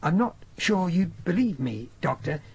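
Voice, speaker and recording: Polite careful young army captain, man reading him, raspy gravelly voice, lively pitch. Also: unhurried, exaggerated voice. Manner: polite, cautious.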